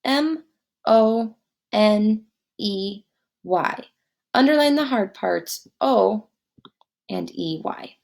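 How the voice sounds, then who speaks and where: A woman teaching a guided spelling lesson, dictating words slowly and spelling them out letter by letter. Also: medium pitch, expressive, creaky, a little mellow.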